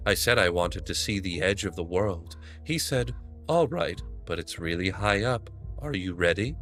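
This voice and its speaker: A man voicing a calm, strange little girl in a video game, speaking slowly and softly. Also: low voice, soft background music, pitched below the performer's own voice. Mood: dreamy. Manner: slow, soft, matter-of-fact.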